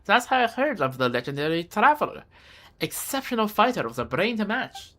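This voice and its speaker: A woman voicing a humble, low-ranking minion who talks about himself with wistful self-deprecation, reading game dialogue aloud. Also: sing-song, brisk, a bit bright.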